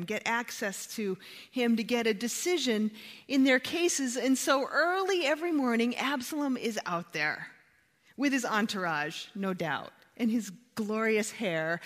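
A woman preaching a sermon, retelling a story with dramatic swings in pitch and volume. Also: a bit bright. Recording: long hall reverb.

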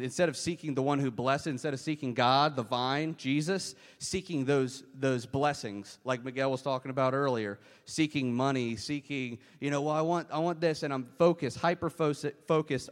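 A man preaching, his voice carrying a long reverb through a church hall. He keeps the sermon conversational and chatty, then jumps sharply higher in pitch whenever he acts out someone else's words. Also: moderate pace, hardly any pauses.

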